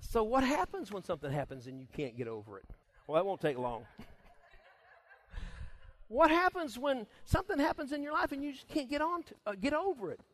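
A middle-aged man preaches in a loose, conversational sermon, his voice riding high and swinging widely in pitch. He laughs often and drops into little acted-out voices to make his point. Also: brisk. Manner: laughs often, folksy and animated, acts out voices. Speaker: pastor. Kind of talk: casual sermon.

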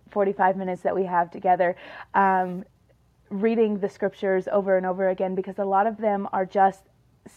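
A young adult woman hosting a devotional podcast, earnestly preaching and reading scripture. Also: medium pitch. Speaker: podcast host. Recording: dull lo-fi sound.

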